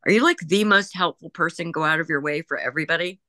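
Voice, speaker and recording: A woman working as a psychic medium in a group reading, chatting casually, laughing and passing on messages in quick, informal speech. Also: deep voice, sharp tone, dry recording. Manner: chatty, laughing, relays messages in quoted voices.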